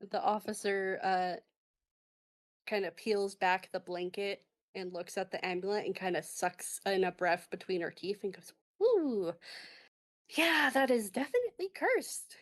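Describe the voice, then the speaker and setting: A woman runs a tabletop game as game master, narrating in a rambling way full of fillers. Her pace is slow and her pitch sits in an ordinary middle range. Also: little pitch movement. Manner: rambling, filler-heavy, laughing.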